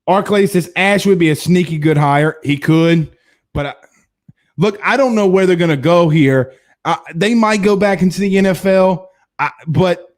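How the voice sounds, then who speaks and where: A man runs a live-streamed sports talk show, going through viewer comments and offering blunt opinions with frequent laughs and restarts. His high voice keeps fairly even intonation at a normal speed.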